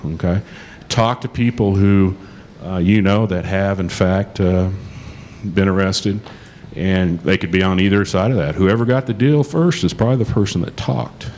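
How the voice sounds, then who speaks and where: A man's voice: low voice, moderate pace, a little mellow, a little hiss or hum. A middle-aged man giving a casual, joking conference talk to a live audience, often acting out quoted dialogue. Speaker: conference speaker, law lecturer. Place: conference hall.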